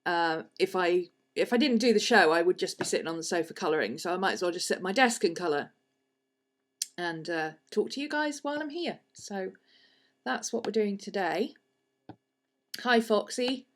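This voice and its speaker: A woman's voice: mid-range voice, lively intonation, normal speed. Stuffy-nosed woman chatting live. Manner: chatty and rambling, with fillers. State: congested, sniffly head cold. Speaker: livestream host and art teacher. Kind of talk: casual live-stream chat. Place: at her desk at home.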